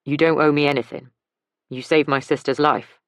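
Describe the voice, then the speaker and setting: A woman voicing a kind, modest man with a quiet, understated way of talking. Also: low voice, fairly even intonation, normal speed, no echo, close to an everyday voice.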